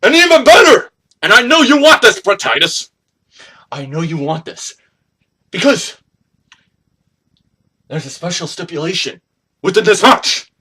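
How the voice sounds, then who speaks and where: A man's voice: high-pitched, very animated, a little slow, long pauses, sharp tone, husky. A young man cutting a boastful, taunting wrestling promo, trash-talking his rivals.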